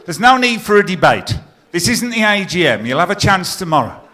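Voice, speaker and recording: A middle-aged man comparing a stage competition, telling jokes with deadpan punchlines and teasing the live audience. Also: sits high, brisk. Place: stage in a pier theatre before a live audience.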